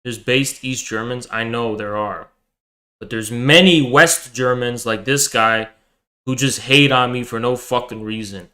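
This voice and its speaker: A man's voice: medium pitch, unhurried, pushed and bright. A man streaming live, ranting in a profane, boisterous and confrontational way. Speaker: livestreamer. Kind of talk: ranting livestream monologue.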